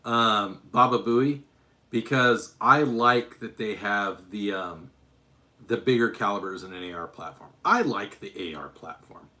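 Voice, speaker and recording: A man's voice: on the low side, measured pace, pushed and bright, reverberant. Rambling, joking male stream host. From Utah. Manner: rambling, self-correcting, joking. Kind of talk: casual livestream chat and Q&A.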